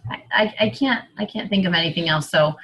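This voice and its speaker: Woman group coach on a video call. Bright, slightly low voice, chatty, thinks out loud. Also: fairly quick, poor audio. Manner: chatty and rambling, thinking aloud. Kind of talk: casual video call talk.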